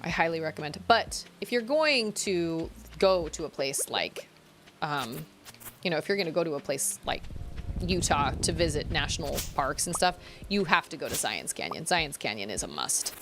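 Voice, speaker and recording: A woman's voice: deep voice, sing-song, normal speed, noisy background. A woman in her thirties streaming a game, chatting casually, giggly and rambling. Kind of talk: casual chat while gaming.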